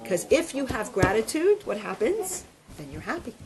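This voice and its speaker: A woman giving a storytelling religious lesson to a group, animated and asking questions. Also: on the high side, normal speed. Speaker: religious teacher. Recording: noisy room recording.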